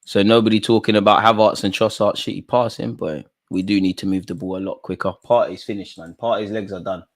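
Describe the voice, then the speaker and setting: A young man reacting live to a football match, talking to players and the referee, swinging between low mutters and high shouts. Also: fairly even intonation, brisk. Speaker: football watchalong streamer.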